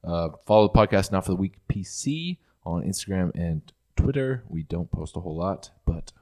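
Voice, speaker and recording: Deep-voiced young man hosting. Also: normal speed. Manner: relaxed, jokey, wraps up the show. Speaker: podcast host. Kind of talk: casual chat.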